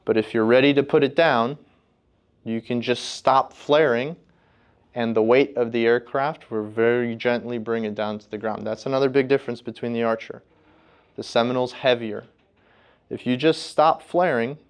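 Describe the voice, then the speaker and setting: Smooth-voiced male flight instructor. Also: mid-range voice. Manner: explanatory, checks in with class often. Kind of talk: ground school lecture. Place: classroom.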